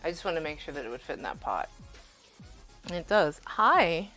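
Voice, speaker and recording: A woman with a low, deep voice talks loosely as she cooks in her home kitchen, rambling and swearing with easy laughs. Faint music plays beneath her. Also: lively intonation, brisk. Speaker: cooking streamer. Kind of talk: casual live-stream chat while cooking.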